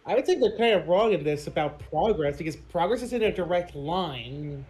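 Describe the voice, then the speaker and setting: A man co-hosting a movie watch-along, matter-of-fact and quick to correct details. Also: on the high side, lively intonation, a little mellow, poor audio. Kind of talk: casual chat.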